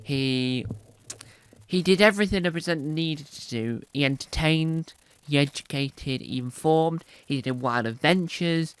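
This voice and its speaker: A speaker who talks in a rambling casual commentary with many restarts and bursts of loud emphasis. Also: medium pitch, a little slow, clear, resonant tone. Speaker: vlogger.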